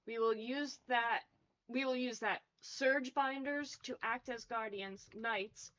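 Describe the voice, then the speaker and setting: Woman voicing a monotone entranced herald. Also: on the high side, slow pace. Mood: monotone trance. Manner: muffled monotone, trance-like. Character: entranced male prisoner herald, solemn. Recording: lo-fi muffled audio.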